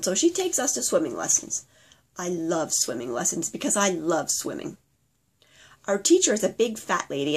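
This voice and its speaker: Woman reading her own memoir, slightly husky, earnest little-kid narration, medium voice. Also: medium pitch. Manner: simple, earnest storytelling as her five-year-old self. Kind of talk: memoir reading told in a child's present-tense voice.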